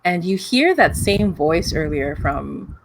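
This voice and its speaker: Low-voiced woman narrating as game master. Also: very animated, slow, creaky, slight background noise. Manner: descriptive, filler-heavy with "right?" and "like".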